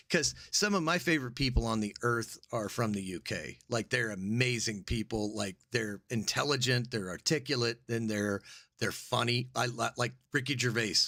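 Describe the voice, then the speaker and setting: American dude riffing on a podcast, loud jokey rants, crisp bright tone. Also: male voice, mid-range voice, no room sound, clean studio sound. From United States. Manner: joking, crude, mocks accents and puts on voices. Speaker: podcast co-host. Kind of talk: casual chat.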